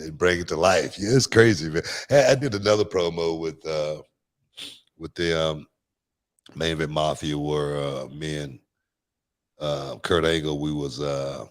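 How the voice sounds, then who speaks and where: A man from Houston hosting a casual show, telling wrestling stories in a rambling way, full of fillers and laughter. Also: very deep voice. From Houston, USA. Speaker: podcast host, former wrestler. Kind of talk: casual chat.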